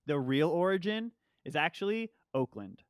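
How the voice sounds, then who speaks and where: A man's voice: a little high, animated, moderate pace, clear, resonant tone, no echo, clean studio sound. A young man from New York with no accent, chatting loosely as a guest about playing Smash. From Long Island, New York. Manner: rambling, loose, swears often. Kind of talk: casual podcast chat.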